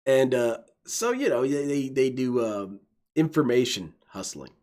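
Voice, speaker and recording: A man's voice: medium pitch, expressive, measured pace, a little mellow. A man giving enthusiastic, rambling let's-play commentary, often laughing. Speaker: gaming video host.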